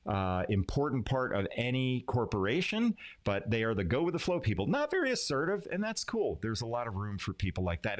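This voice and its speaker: Captured on a streaming setup, a man who coaches leadership and communication leads a live online lesson on communicating well. He speaks animatedly, shifting his pauses, volume, pitch and emphasis for effect.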